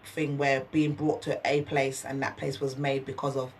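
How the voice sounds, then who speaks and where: A woman's voice: extremely low pitch, flat delivery, moderate pace, a little mellow, recorded from a distance, a little hiss or hum. A woman co-hosting a radio talk show in a studio, chatty and telling anecdotes. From England. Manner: chatty, tells anecdotes, laughs easily. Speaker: co-host. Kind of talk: casual talk-show chat.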